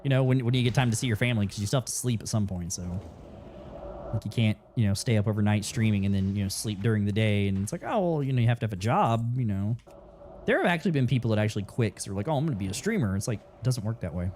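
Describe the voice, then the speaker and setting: A man's voice: fairly low pitch, lively intonation, fast, a little mellow, a little hiss or hum. A man chatting casually while streaming a game, rambling and swearing freely, his throat dry. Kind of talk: casual gameplay commentary. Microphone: studio desk mic.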